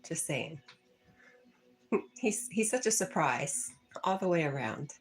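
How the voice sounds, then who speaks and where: A woman's voice: on the low side, expressive, measured pace, soft background music. Chatty Southern woman reading comments aloud. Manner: warm, chatty, laughs often, talks to her pet. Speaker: livestream host. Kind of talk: casual livestream chat reading comments.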